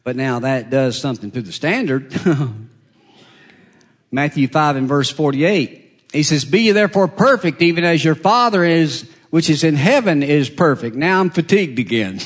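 Delivering a sermon in a conversational style, a middle-aged pastor often stops and starts again, his pitch rising and falling.

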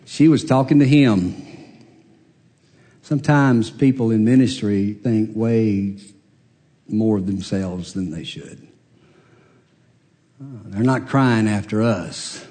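A man delivers a sermon from the pulpit, moving at an unhurried, deliberate pace. He retells a story and slips into the voices of its characters. His voice rings out with a long reverb tail in a large church hall. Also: on the low side, mellow. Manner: storytelling preacher, acts out quoted voices. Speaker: pastor.

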